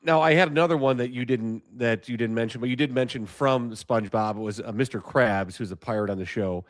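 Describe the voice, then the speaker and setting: Male co-host, mid pitch, dry close sound, curious and chatty. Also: brisk, no room sound. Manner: curious, asks questions. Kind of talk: casual podcast chat.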